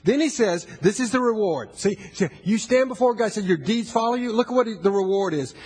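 An older male pastor delivering a sermon in a high-pitched, husky voice. He slips into low, hushed storytelling, then rises into loud, fervent calls to his congregation. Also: lively intonation, fairly quick, soft background music.

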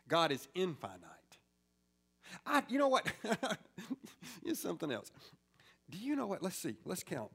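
A man preaching a sermon, swinging from loud exclamations to hushed whispers. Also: high-pitched.

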